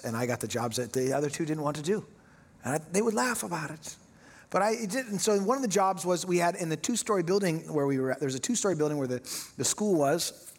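Husky preacher man in a reverberant hall. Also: medium pitch. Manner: storytelling, self-mocking with laughs. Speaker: pastor. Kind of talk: sermon.

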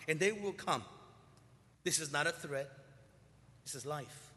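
A man in his sixties preaches with a bright, forceful voice pitched a little high. He swings between loud bursts and hushed lines. The sound rings with the long reverb of a big hall. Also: animated, a little slow. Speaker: pastor. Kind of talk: sermon.

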